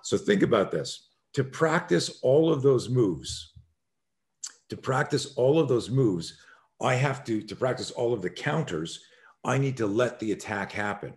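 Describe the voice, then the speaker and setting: A middle-aged man, a self-defense instructor, telling a story in a podcast interview, acting out quoted voices and swinging between loud and soft. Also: medium pitch, expressive, measured pace.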